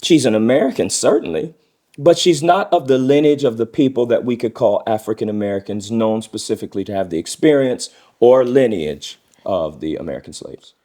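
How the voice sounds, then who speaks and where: A man's voice: medium pitch, animated, brisk, dark tone. A middle-aged man speaking earnestly as a guest in a casual discussion, often acting out quoted speech in a raised voice.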